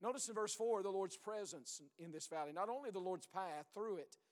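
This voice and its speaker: A middle-aged pastor delivers a sermon in a large hall, speaking fairly quickly. His voice is earnest and hoarse, and he often drops into a low, intense register while repeating his words.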